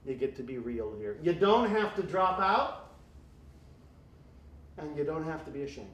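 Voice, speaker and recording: A man's voice: a little high, expressive, normal speed, fairly bright tone. A man, a priest giving an evening talk to a live audience, speaking in a wry, joking way with mock dialogue. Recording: echoey room.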